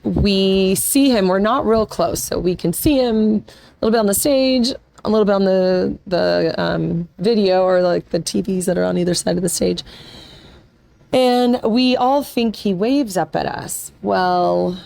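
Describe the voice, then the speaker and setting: A woman in her forties with vocal fry running through her voice, sharing a family story as a podcast host. She rambles with fillers and restarts, and her voice keeps catching as if she is about to cry. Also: mid-range voice, measured pace, a little mellow. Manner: emotional, close to tears, rambling with fillers. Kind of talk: casual personal storytelling.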